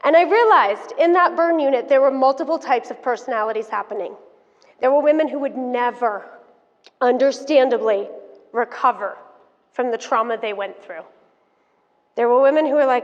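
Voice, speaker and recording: A woman in her thirties giving a motivational keynote talk, telling her story in an animated, frank and playful way to the audience. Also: sits high, a little fast. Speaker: keynote speaker. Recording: dull sound, long hall reverb.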